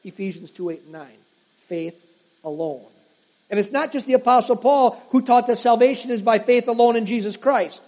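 High-voiced male pastor preaching in a hall. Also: darkish tone. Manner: emphatic preaching with dramatic slow pauses and quick asides. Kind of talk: sermon. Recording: long reverb of a large hall.

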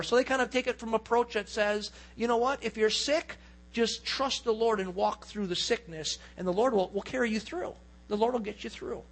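A man pastor giving a conversational sermon in a church, telling stories with many asides; his voice is weak and fades in the low range.

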